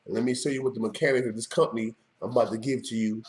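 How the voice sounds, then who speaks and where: Talking very fast in a steady, darkish, mid-range voice, this middle-aged New York show host riffs off the cuff to camera. He's streetwise and emphatic, frequently asking "you know what I mean."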